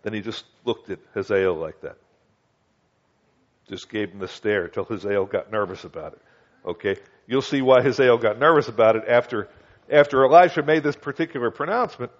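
In a dull, lo-fi recording, a man teaches from the Bible in a chatty style, pausing to ask his audience "Okay?" or "do you understand?" When reading scripture he goes slowly, raising his voice higher for quoted speakers.

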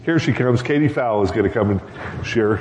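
A man's voice: medium pitch, a little fast, darkish tone. A man serving as pastor, telling a humorous story to the congregation and acting out the voices he quotes. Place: church meeting room. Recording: echoey room with crowd and background noise.

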